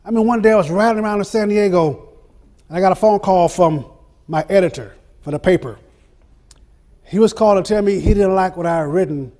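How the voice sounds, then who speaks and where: An older man with a notably high voice delivers a live motivational speech to an audience. He stacks his phrases in rhythmic repetition and lets dramatic pauses land. He often laughs through his own stories. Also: dark tone. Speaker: motivational speaker. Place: event venue before an audience.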